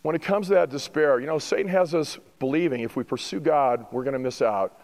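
A middle-aged male pastor preaching a sermon, building to emphatic rhetorical questions and then easing into softer, reflective passages. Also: a little high, fairly quick, long reverb tail, rough recording.

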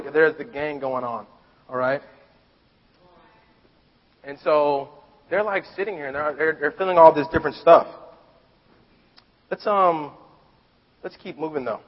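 Husky, high-voiced man preaching. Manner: conversational, animated storytelling with frequent restarts. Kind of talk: sermon. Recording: dull recording with long hall reverb.

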